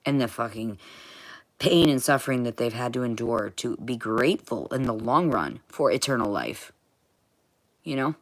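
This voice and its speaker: A woman vlogging in a rambling, profane monologue, swinging from muttering to shouting. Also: extremely low pitch.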